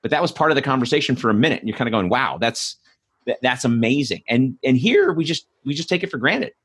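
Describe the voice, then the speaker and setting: A man's voice: mid-range voice, very animated, very fast, fairly bright tone, husky. A man hosting a podcast interview, talking in a loose, rambling way with many restarts. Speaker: podcast host. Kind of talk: casual interview conversation.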